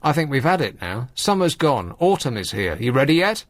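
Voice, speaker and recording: A man's voice: mid-range voice, big pitch swings, normal speed, dry recording. A man hosting a late-night radio phone-in, talking in a wry, rambling, teasing way into a studio microphone.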